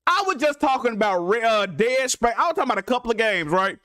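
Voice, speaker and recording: A young man streaming live about games, ranting in an exasperated, profane way with big swings between loud outbursts and mutters. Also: very high voice, big pitch swings, quick pace, smooth, no echo, studio quality. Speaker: gaming streamer.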